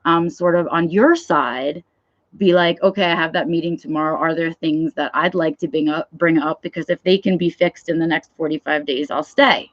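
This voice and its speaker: A woman's voice: lowish voice, no room sound, lo-fi sound. A woman talking frankly in a live vlog, swearing freely and often checking in with "right?". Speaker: vlogger. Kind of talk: candid livestream talk.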